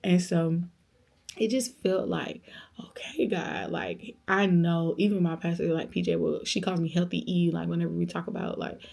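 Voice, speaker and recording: A young woman vlogger telling a personal story in a casual chat, lively and dramatic as she acts out the quoted voices of others. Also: on the low side, moderate pace, gravelly. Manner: faith-filled, speaks of God, conversational.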